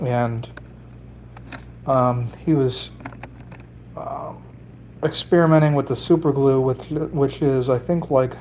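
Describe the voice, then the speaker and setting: With slow delivery and long pauses, a man building fishing lures chats to his livestream audience, rambling, joking, and putting on a slight Italian lilt as he works with his hands. His voice is medium-pitched and darkish, with fairly even intonation and a little hiss or hum.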